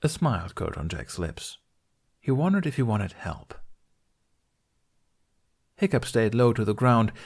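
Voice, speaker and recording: A man with a fairly low voice reading a fantasy fan story aloud. His delivery is measured and steady, in a storytelling style. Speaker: fan fiction reader. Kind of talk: podfic narration.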